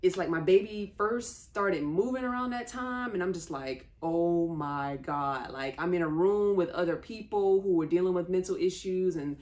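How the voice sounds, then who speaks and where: A woman's voice: lowish voice, expressive, normal speed, few pauses, darkish tone. A young woman telling a personal story in a candid, conversational way, with small laughs between sentences. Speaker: vlogger.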